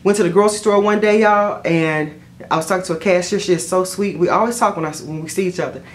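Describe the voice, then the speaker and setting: A middle-aged woman, telling stories to camera in a chatty, expressive way and often saying "y'all.". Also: fairly low pitch, quick pace. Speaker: vlogger. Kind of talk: casual storytelling to camera.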